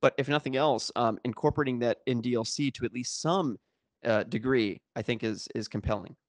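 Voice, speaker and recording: A man's voice: medium pitch, fairly quick, no echo. Rambling man in a dry close mic. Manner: rambling, restarts often, sarcastic asides. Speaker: podcast co-host. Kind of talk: casual discussion.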